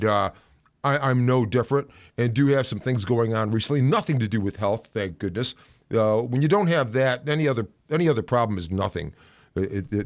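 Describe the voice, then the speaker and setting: A man hosting a casual livestream rant about football, telling a story in a rambling way with many restarts and fillers, in a small sound-softened studio. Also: medium pitch, no echo. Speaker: host.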